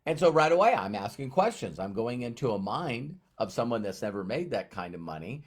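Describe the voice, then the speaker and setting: A male motivational speaker tells a story from his own life and acts out every exchange. His mid-range voice rises and falls in a lively way. He stumbles and repeats words as he gets carried along. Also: medium pitch, brisk, slightly rough.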